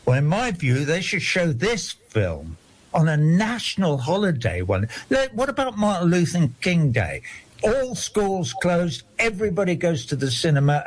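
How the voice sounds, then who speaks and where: Older man, husky voice, lively rise and fall, wandering and indignant. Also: fairly high pitch. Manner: rambling, digressive, indignant. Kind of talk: casual discussion.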